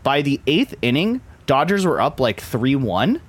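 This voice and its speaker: Male podcast host, loose rambling storyteller, casual chat, mid pitch. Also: sing-song, measured pace, husky. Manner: rambling storyteller, heavy use of filler "like".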